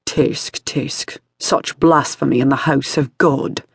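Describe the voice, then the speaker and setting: A man's voice: medium pitch, fairly even intonation, slow pace, vocal fry, husky, dry recording, studio quality, exaggerated voice. A man voicing a cold, ruthless male soldier leader in an audiobook. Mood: menacing. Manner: menacing, mocking. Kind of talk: audiobook character voice.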